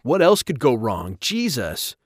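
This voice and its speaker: A man's voice: mid-range voice, expressive, a little fast, no echo, clean studio sound, natural voice. A man voicing a defensive teenage boy who protests in a raised, strained voice in an audiobook. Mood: upset protest.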